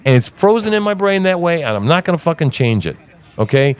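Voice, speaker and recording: Man, podcast host, casual profane chat, animated storyteller, lively pitch. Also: a little fast, smooth. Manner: animated storytelling, mimics voices, laughs often.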